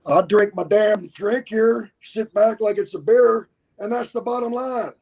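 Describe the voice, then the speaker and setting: A man doing an impression of a gruff male wrestler in a gravelly, high-pitched voice. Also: measured pace, a little mellow, exaggerated voice. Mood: defiant.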